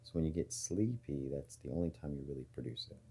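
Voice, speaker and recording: A man's voice: extremely low pitch, expressive, quick pace, dark tone, breathy edge. A man talking casually to his viewers, rambling through ideas with many fillers and restarts. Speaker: video host. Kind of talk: casual monologue to camera.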